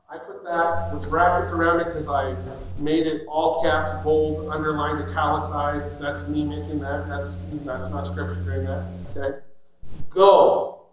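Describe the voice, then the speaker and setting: High-voiced man preaching in an echoey church. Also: unhurried, a little hiss or hum. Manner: animated, mimics kids' whiny excuses. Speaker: pastor. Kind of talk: sermon. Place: church sanctuary. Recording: echoey church sanctuary, dull sound.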